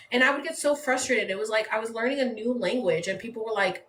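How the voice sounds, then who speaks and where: A woman from San Diego, California hosts a casual phone livestream from home, rambling conversationally and leaning heavily on "like." Her medium-pitched, slightly bright voice is fast with hardly any pauses. The phone mic captures an echoey room with faint background noise.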